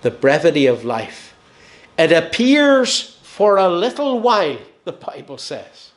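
A man in his sixties with a Northern Irish accent, preaching a sermon. He tells stories with gentle humour and lets his phrases fall soft and slow at the ends. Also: a little high, sing-song. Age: 60s.

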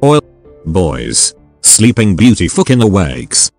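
A man's voice: sits low, sing-song, slow pace, a little mellow, no echo, faint music behind, full character voice. Synthetic man voice reading a drunk masked gang boss. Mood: menacing. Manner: sneering, profane rant. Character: drunk masked male gang leader, ranting. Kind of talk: text-to-speech story reading.

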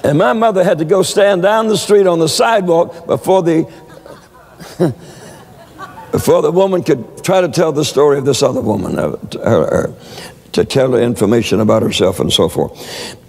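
A man's voice: on the high side, moderate pace, darkish tone, husky, long reverb tail. A man preaching a sermon, telling stories with many stammered repeats. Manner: storytelling with frequent stammered repeats.

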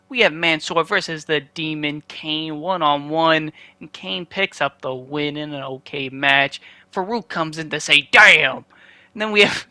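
A young man casually recapping a wrestling video game in quick play-by-play with dry asides. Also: fairly high pitch, pushed and bright, no room sound. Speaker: gaming channel host.

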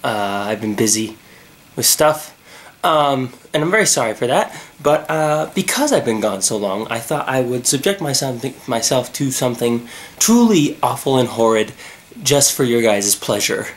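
A man's voice: mid-range voice, expressive, moderate pace, slight background noise. A man doing a mocking dramatic reading of a novel, with sarcastic, rambling asides. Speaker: YouTuber. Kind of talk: mock dramatic reading with commentary.

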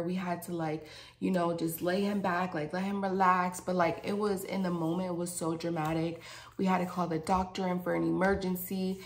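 Brief: woman vlogger, lower voice, chatty and dramatic, speaks directly to viewers. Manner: animated, dramatic, slangy, addresses viewers directly. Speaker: vlogger and dental hygienist. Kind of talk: casual storytime monologue.

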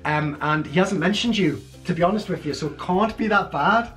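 A man's voice: high voice, a little fast, fairly bright tone, soft background music. A man hosting a casual chat with a chatty, teasing manner. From United Kingdom. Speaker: host.

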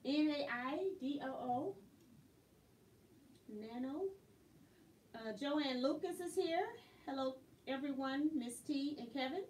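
A woman hosting a casual live quilting tutorial, chatty and quick to laugh. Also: high-pitched, darkish tone. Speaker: quilting instructor and host. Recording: roomy, distant mic, faint noise.

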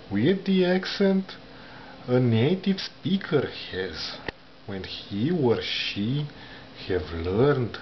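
Slow, halting man with a non-native accent. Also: a little hiss or hum. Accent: non-native English speaker. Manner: slow, halting, carefully pronounced phrases; wide pitch swings from low murmurs to high emphasis. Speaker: vlogger. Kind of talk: talking to camera about learning a language. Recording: dull lo-fi sound with faint ambience.

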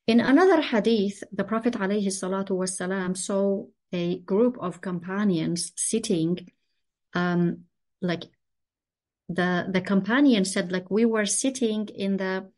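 A woman's voice: medium pitch, a little mellow. A woman teaching a religious lesson in a conversational way. She repeats herself, restarts phrases and calls her listeners honey. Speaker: Islamic teacher.

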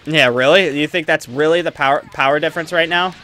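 Guy rambling thru a fighting game, bright voice, lots of ums and trash talk. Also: fairly high pitch, quick pace, slight background noise. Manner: excitable, trash-talks opponents while playing; rambling with many fillers. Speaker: gaming channel host. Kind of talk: let's play commentary.

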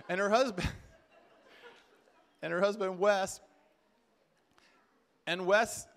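A man speaking at a Christian conference, telling stories in an animated way and acting out conversations. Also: high voice, moderate pace, long pauses. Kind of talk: storytelling sermon talk.

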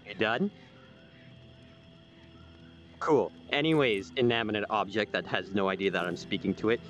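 A man's voice: on the low side, moderate pace, fairly bright tone, highs cut off. A young man doing comedic let's-play commentary, sarcastic and goofy, chatting to objects in the game. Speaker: gaming YouTuber. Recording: game music behind.

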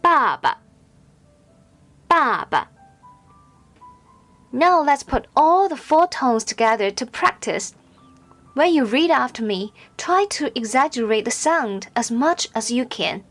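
A woman teaching Mandarin pronunciation in scripted narration, speaking slowly and carefully with clearly enunciated, drawn-out example syllables. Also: sits high, lively intonation, soft background music.

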